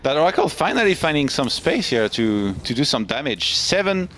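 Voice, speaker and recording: A man's voice: fairly high pitch, big pitch swings, a bit bright, slight background noise. A man casting a live esports match, breaking down builds and cracking dry jokes. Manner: quick, dry joking analysis. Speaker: esports caster.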